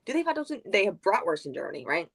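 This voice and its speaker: A woman co-hosting a book club livestream, chatting casually and going off on rambling, animated tangents. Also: mid-range voice, rapid-fire. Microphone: video call.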